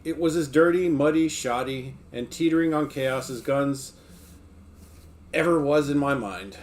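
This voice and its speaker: A man's voice: on the high side, measured pace. A man streaming casually, joking with his viewers and reading a book aloud between chats. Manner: laid-back, joking, talks to chat between passages.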